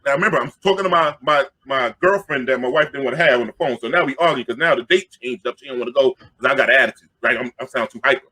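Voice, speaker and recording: A middle-aged man from Queens, telling an animated, jokey story and loudly acting out the crowd. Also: mid-range voice, fast, few pauses, slightly rough. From Queens, New York.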